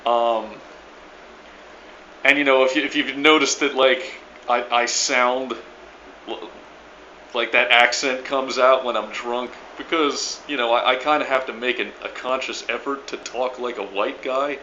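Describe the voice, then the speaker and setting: A man's voice: medium pitch, steady tone, a little slow, pushed and bright, dull audio, a little hiss or hum. A man from New Orleans with a local accent, recording an emphatic, stammering video reply and swearing casually. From New Orleans area. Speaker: video blogger.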